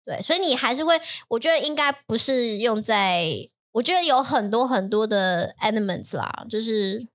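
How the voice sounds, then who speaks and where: Taiwanese female co-host, bright tone, lively bilingual chat. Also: a little high, normal speed, hardly any pauses. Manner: animated, mixes Mandarin and English. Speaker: podcast co-host.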